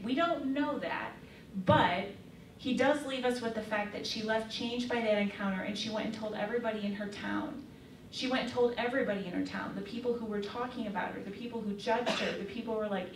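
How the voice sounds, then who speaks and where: A woman's voice: on the high side, brisk. Woman doing a chatty faith talk, lots of ums and likes, roomy echo, faint noise behind. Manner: chatty storytelling with frequent fillers. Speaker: speaker. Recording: echoey room, mic far off.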